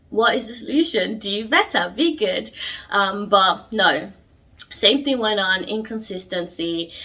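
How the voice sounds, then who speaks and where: A woman's voice: medium pitch, pushed and bright, far from the mic. A young woman hosting a podcast, telling a personal story in a casual, emphatic way and repeating words for stress. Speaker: podcast host.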